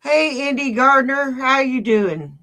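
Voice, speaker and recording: A woman hosts a relaxed live stream in a bright, sharp voice. She greets viewers and donors by name. She tosses out blunt, teasing jabs. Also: high-pitched, slow pace. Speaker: livestream host. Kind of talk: casual live-stream chat.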